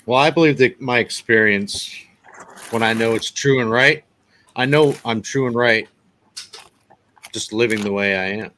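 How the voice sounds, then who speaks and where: A man's voice: mid-range voice, normal speed, pauses often, sharp tone. A man tells a story in casual chat. He is blunt and swears freely, talking loosely like he is with a friend. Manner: blunt, profane, conversational.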